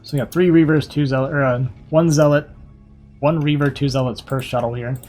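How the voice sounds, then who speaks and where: A young man giving casual, quick play-by-play commentary on a strategy game match, a little hoarse and thinking aloud as he goes. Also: on the high side, fairly even intonation, a little mellow, faint music behind. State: slightly hoarse, losing his voice. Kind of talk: live esports play-by-play commentary.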